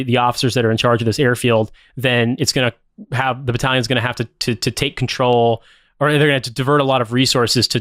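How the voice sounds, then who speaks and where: Smooth-voiced man rambling through a recap. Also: mid-range voice, fairly bright tone, no room sound, studio quality. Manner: rambling, profane, many fillers. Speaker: podcast co-host. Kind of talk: casual plot recap.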